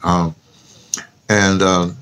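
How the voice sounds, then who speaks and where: Speaking very slowly in a low, level voice that's fairly bright and clean, a New York-accented man vlogs to camera. He rambles casually and chattily, thinking aloud as he types a post and spelling words out loud.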